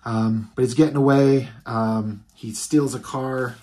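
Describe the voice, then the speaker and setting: A man's voice: mid-range voice, steady tone, a little slow, dark tone, slight background noise. Rambling casual man reviewing comics. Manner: rambling, filler-heavy.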